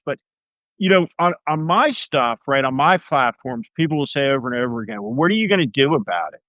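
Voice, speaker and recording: A man's voice: medium pitch, expressive, fairly quick, dry recording, lo-fi sound. A man in casual political talk, emphatic and rambling, with many fillers and restarts. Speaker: political commentator.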